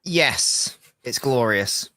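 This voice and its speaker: A male panelist who jokes at his own expense in a quick, wry way. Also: mid-range voice, lively intonation, sharp tone, dry recording, clean studio sound. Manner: self-deprecating, quick, wry. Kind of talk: casual panel chat.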